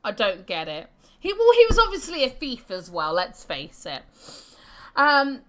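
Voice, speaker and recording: A woman's voice: on the high side, wildly swooping pitch, unhurried, fairly bright tone. A woman streamer casually chatting through a video game, making giggly asides. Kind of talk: casual live-stream commentary.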